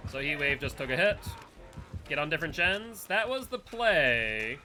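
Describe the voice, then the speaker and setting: A man's voice: fairly high pitch, very animated, normal speed. A man giving casual running commentary while playing a game live and chatting with viewers and teammates. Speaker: streamer.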